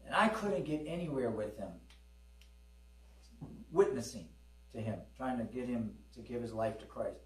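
Speaking at normal speed with long pauses, a middle-aged pastor with a medium-pitched voice shares testimony stories from the pulpit of a church hall. His folksy storytelling invites amens from the congregation. The audio has a roomy, distant-mic sound with mains hum.

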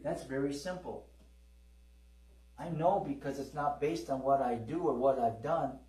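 Midwestern preacher in an echoey hall. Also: male voice, medium pitch, a little slow, dark tone, far from the mic. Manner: conversational storytelling, with calls to the congregation. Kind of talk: sermon. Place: church hall with congregation.

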